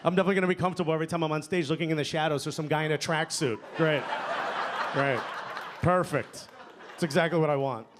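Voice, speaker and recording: Stand-up comic, higher voice, laughing crowd. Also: male voice, quick pace. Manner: chatty, keeps tagging "you know?" and "okay?"; laughs along at his own jokes. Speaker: stand-up comedian. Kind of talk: stand-up set. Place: comedy club stage before a live audience. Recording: live club recording, audience laughter and noise.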